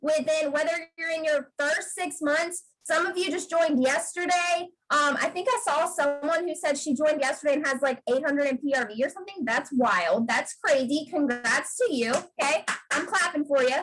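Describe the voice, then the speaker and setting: Casting note: high-pitched woman, emphatic motivational speaker on a video call. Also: moderate pace, hardly any pauses, rough recording. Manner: emphatic, repeats "okay?" to drive points home. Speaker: guest speaker on a sales team video call. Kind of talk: motivational pep talk.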